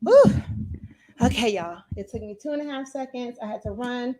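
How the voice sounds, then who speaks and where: Chatty, lively woman hosting a livestream. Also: on the high side, normal speed. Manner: chatty, animated, addresses viewers as y'all, laughs easily. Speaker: livestream host. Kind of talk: casual livestream reaction chat.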